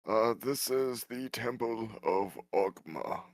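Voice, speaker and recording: A man's voice: lowish voice, animated, slow pace, no echo, voice pushed up. A man playing a fussy, formal male tour guide who is eager to please. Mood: explaining.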